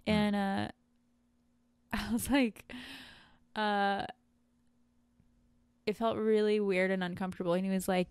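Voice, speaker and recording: Smooth-voiced woman telling frank stories. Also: medium pitch, flat delivery, slow, long pauses, a little mellow, no room sound. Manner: frank, profane storytelling with frequent laughs. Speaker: podcast co-host. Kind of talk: casual podcast chat.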